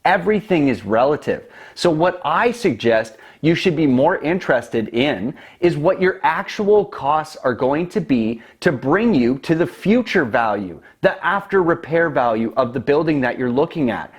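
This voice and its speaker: A man's voice: fairly high pitch, sing-song, normal speed, hardly any pauses, breathy edge. A man, confidently explaining real estate investing straight to camera in an emphatic, persuasive way. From Canada. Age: 20s.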